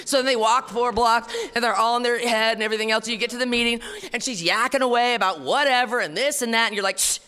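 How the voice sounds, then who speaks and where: Casting: a woman telling her story to a meeting, blunt and salty, bright-voiced, in a reverberant hall. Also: fairly high pitch, quick pace, hardly any pauses. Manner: blunt, profane, conversational storytelling. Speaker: recovery meeting speaker. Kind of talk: personal testimony talk. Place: meeting hall before an audience.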